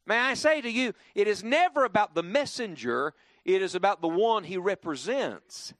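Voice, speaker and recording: A man's voice: sits high, lively intonation, normal speed, a bit bright, no echo, clean studio sound. A man preaching a sermon to a church congregation, swinging his voice up and down for emphasis and leading the crowd in call-and-response.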